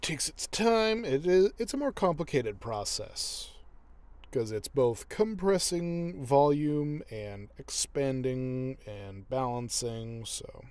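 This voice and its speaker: A tired, yawning audiobook narrator talks to himself while editing his recording, muttering thoughts aloud and often drifting into whispers. His mid-range voice is animated yet slow, smooth, and a little dark in tone.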